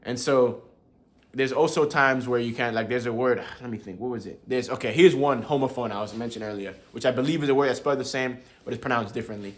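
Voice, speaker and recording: Speaking quickly at a medium pitch, a young language learner walks his viewers through tones. His manner is relaxed and talkative, full of chuckles and the word bro.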